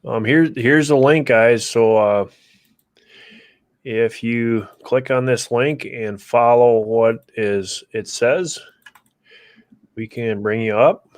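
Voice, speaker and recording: A man's voice: medium pitch, takes it slowly, no echo. Easygoing man hosting a homestead livestream. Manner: easygoing, talks viewers through joining the stream. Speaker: livestream host on a rural homestead. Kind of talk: casual livestream chat.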